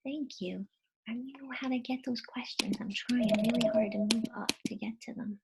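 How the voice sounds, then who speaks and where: A woman's voice: fairly high pitch, steady tone, moderate pace, gravelly, noisy background. A woman teacher presenting a live webinar in a casual, bubbly way, thanking viewers and muttering to herself while she fixes tech trouble on a computer mic.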